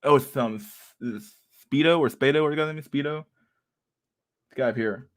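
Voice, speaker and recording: A man with a medium-pitched voice and moderate pace hosts a livestream, chatting casually with his viewers. His talk is rambling and profane, with frequent laughter and mock outrage.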